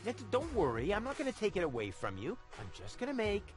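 A cocky young hero from a video game, smug and teasing, full of sarcastic jabs. His voice sits high and swings widely. Faint music plays under the game audio. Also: wildly swooping pitch, fast talker. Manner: smug and sarcastic, teasing, sings a boastful rap.

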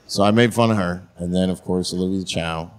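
A man's voice: low voice, steady tone, fairly quick. A man performing a crude, brash stand-up comedy set on a theatre stage. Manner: crude, brash punchline delivery.

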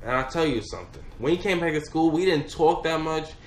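A young vlogger, his voice a little high, animated and brisk, rambles through a profane story for a casual storytime video. It's recorded in an echoey room with faint noise.

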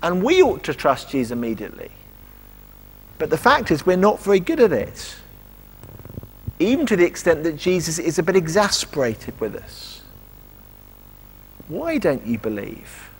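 In a church, a man preaches with a slightly high, husky, sing-song voice at moderate speed, pausing often, as the hall's long reverb trails behind him. He keeps the sermon conversational, posing rhetorical questions and performing the lines he quotes.

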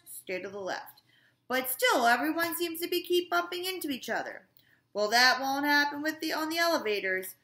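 A woman voicing a fussy, bossy male school principal who lectures loudly and is pleased with himself, in an echoey room. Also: sits high, voice pushed up. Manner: loud, lecturing, self-satisfied.

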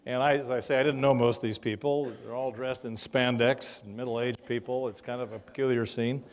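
An older man lecturing on history to a live audience, his voice sitting in an ordinary middle register. He tells his stories with a dry, wry humor and an unhurried, conversational delivery full of little fillers. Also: medium pitch, fairly even intonation, a little hiss or hum. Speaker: history professor giving a lecture. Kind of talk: public lecture with anecdotes.

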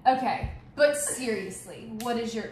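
A woman's voice: a little high, a little slow. A woman hosting a casual vlog, chatting playfully and teasing her friend. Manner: teasing, giggly, bursts of mock paparazzi shouting. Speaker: vlog host. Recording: echoey room, far from mic, noisy.

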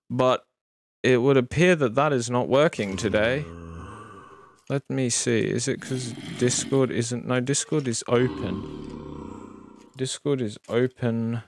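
Slow-talking man streaming a game. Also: mid-range voice. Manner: rambling, self-mocking, swears casually. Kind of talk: casual live-stream commentary. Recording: noisy home stream recording.

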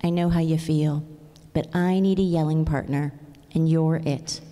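A woman voicing a calm, caring woman who looks after a child, in a children's storybook she reads aloud. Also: sits low, unhurried, long reverb tail. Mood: coaxing. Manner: calm, encouraging. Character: caring, gently humorous female carer.

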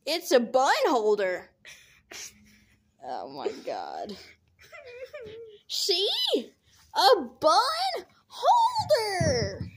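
Squealy excitable woman goofing around in a homemade comedy, voice jumps way up and down. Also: extremely high pitch, extremely slow, long pauses. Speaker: lead player in a homemade comedy series. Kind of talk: playful improvised pretend play.

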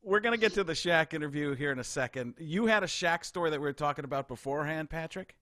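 Bright-voiced enthusiastic male host. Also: a little high, animated, fast talker. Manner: enthusiastic fan, laughs often. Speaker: podcast host. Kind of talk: casual interview chat.

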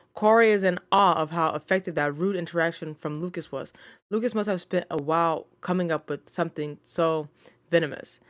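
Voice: mid-range voice, fairly bright tone, dry recording. A gaming channel host giving casual let's-play commentary, scolding the game characters and reading on-screen text aloud. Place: home recording setup.

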